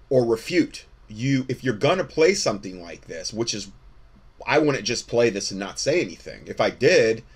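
A man's voice: lowish voice, husky. A man hosting a show, giving casual, preaching-toned Christian commentary, often repeating words and restarting sentences. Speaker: host.

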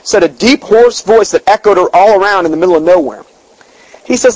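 A man's voice: sits high, fairly quick, no echo, low-quality recording. A man preaching a sermon in a chatty storytelling way, emphatic, his voice jumping up when he is stirred. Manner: conversational asides, fillers and restarts.

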